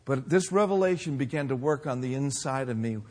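Husky folksy man in his sixties preaching. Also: mid-range voice, fairly quick. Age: 60s. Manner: folksy storytelling, animated with laughs. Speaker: pastor. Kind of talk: sermon with personal stories.

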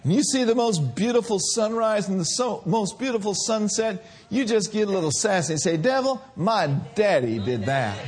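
A middle-aged male preacher delivering an exuberant sermon, shouting praise and then dropping to hushed tones. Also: high-pitched, big pitch swings, moderate pace, few pauses.

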